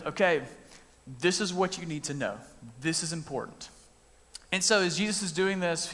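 A man preaches in a loose, conversational way, with a voice sitting a bit high for a man. He acts out the scenes as he talks. His voice rings out with a long reverb in a large room. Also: fairly bright tone. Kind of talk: casual sermon.

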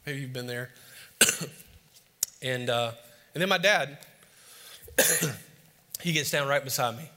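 A man from the States, preaching a sermon as an animated, self-mocking storyteller before a live audience. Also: mid-range voice, slow, big-room sound. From Southern United States.

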